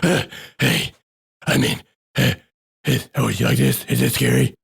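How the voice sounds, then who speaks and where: A man's voice: medium pitch, steady tone, normal speed, vocal fry, slightly rough, exaggerated voice. A man doing a mumbling parody Batman. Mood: sheepish. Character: grumpy gravel-voiced parody Batman, adult male.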